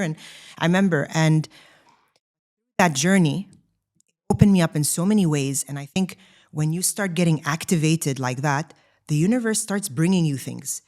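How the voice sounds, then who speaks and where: A woman in her thirties co-hosting a podcast, telling her own story in casual chat, animated and full of "like" fillers and restarts. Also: low voice, a little fast. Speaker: podcast co-host.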